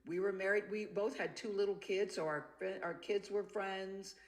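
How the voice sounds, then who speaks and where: A woman telling a personal story in an interview, bringing each quoted voice to life as she goes. Her delivery is lively and expressive. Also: mid-range voice, moderate pace. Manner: animated, acts out the quoted voices. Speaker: interview guest.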